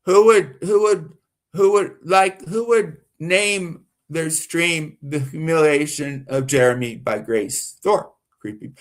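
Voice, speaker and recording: A man from the American South rambles through live-stream commentary, circling back on his own words and flaring up indignantly. His voice sits a little high for a man, and he talks at an unhurried, drawn-out pace. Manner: rambling, repetitive, gets worked up and indignant.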